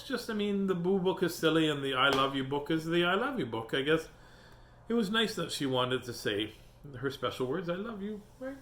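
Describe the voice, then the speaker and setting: In an echoey room, a man with a high, bright, forceful voice hosts a session of reading children's books aloud. He mixes the reading with casual chat and playful, joking asides.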